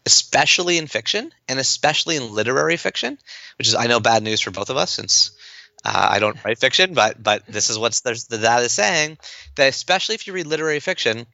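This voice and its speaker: Male podcast guest, gravelly edge, eager and chatty, dry slightly muffled sound. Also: mid-range voice, no echo. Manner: animated, fast-talking, many fillers and restarts. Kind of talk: enthusiastic conversational interview.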